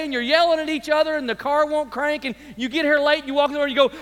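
A middle-aged male pastor delivers a sermon full of comic asides and quick impressions of people. His voice sits very high and light for a man. The sanctuary carries a long reverb behind every phrase. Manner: animated, mimics people, repeats words. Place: church sanctuary. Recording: large hall reverb.

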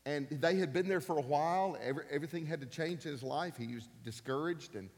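A man in his fifties preaches emphatically, repeating key phrases and climbing to loud, forceful peaks. His voice sits fairly high, and it rings with the long reverb of a church hall. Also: quick pace. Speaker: pastor. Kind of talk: sermon.

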